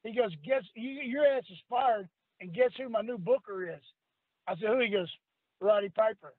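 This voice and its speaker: An older man spins salty stories in a strikingly high voice. He talks rough and laughs a lot. The sound is thin and tinny, like a phone call, with no room around it. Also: normal speed, no room sound. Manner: rough, salty storyteller, quoting others, laughing often. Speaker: guest, retired wrestler. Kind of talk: storytelling on a call-in radio podcast. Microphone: phone line. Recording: tinny phone line, dry.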